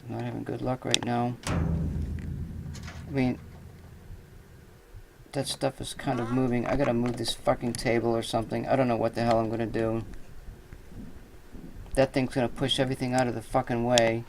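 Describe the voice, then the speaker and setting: A man muttering and swearing as he plays a game, his voice gravelly and rough. His commentary is exasperated. A faint hiss of noise and keyboard clicks sit behind him. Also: medium pitch, flat delivery, moderate pace, pauses often. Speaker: gamer. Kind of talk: frustrated gameplay commentary.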